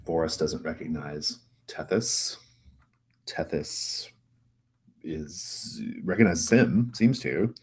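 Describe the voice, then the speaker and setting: Low, husky-voiced male game master. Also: takes it slowly. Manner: relaxed, rambling descriptions. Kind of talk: narrating a tabletop game.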